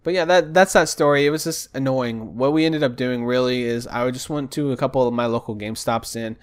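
A man's voice: medium pitch, fairly quick, clean tone. A young man telling a frustrating story in a casual vlog, exasperated and acting out the phone calls he recounts. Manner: exasperated, retells calls with mimicked voices. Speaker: vlogger. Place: home desk.

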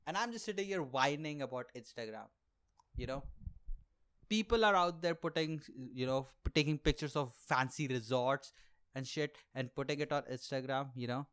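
A man's voice: mid-range voice, moderate pace, a bit bright, clean tone. A young man hosting a podcast, doing a rambling, sarcastic comic monologue and laughing at his own jokes. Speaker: podcast host and aspiring comedian.

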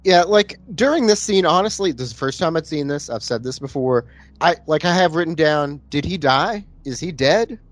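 A man chatting casually on a podcast, relaxed and filler-heavy, reviewing a film. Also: on the high side, brisk, dry recording. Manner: relaxed, uses lots of "like". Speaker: podcast co-host. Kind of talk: casual movie review chat.

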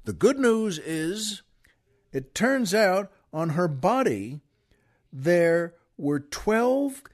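A man's voice: sits high, voice pushed up, exaggerated voice. Grim state trooper in a spoken joke, plain and matter-of-fact, as a male host puts him on.

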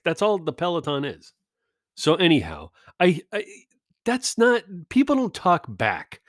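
A man's voice: on the high side, no echo, clean studio sound. A man in a casual rambling monologue, ranting and self-deprecating, swearing often.

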